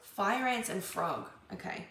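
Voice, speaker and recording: Her mid-range voice is slow and gravelly as this young woman gives an informal tarot reading, rambling chattily and restarting often amid plenty of fillers. It's recorded in an echoey space with faint noise behind.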